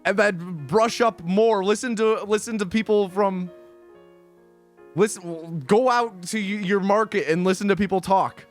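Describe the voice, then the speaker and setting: A man's voice: sits high, measured pace, faint music behind. A male streamer in casual livestream chat, rambling and insistent, repeating himself as he makes his points.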